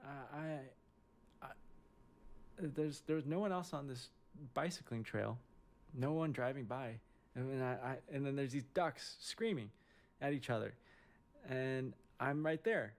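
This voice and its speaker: Halting middle-aged man telling a story. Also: mid-range voice. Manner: halting, many fillers and restarts. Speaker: surgeon telling a personal story. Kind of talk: casual storytelling.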